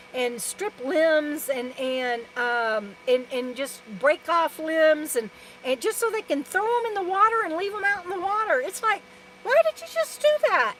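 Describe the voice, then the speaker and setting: Woman, RV vlogger, light high voice, rambling live chat, faint noise behind. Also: sharp tone, poor audio. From Texas. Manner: rambling and chatty, many restarts and fillers. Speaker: RV lifestyle vlogger. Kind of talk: live stream chat reading viewer comments.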